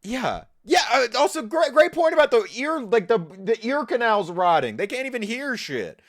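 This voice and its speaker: A man's voice: very high voice, very animated, normal speed. A man live-streaming, reacting in a casual, profane, incredulous and mocking way. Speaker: livestreamer.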